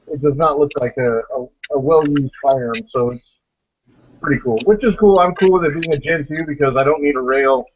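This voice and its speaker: A man hosting a casual podcast pre-show chat over a voice call, blunt and profane, rambling as he talks. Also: mid-range voice. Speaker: podcast host. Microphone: online voice call. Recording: dull lo-fi voice call.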